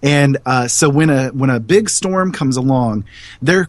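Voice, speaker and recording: A man in casual chat, rambling through a long explanation with animated asides. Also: medium pitch, a little slow, no room sound.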